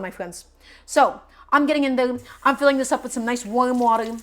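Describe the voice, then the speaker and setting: A woman with a fairly high voice streams a cooking lesson from her home kitchen. She chats straight to her viewers and hammers home each tip by saying it again and again. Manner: emphatic, repeats key points while chatting to viewers.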